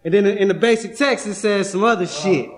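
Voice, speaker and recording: Crowd noise surrounds a young man with a high-sitting voice who talks fairly quickly in a convention room. At a recovery convention workshop, he gives testimony-style talk that is streetwise and profane, ending almost every thought with "right?"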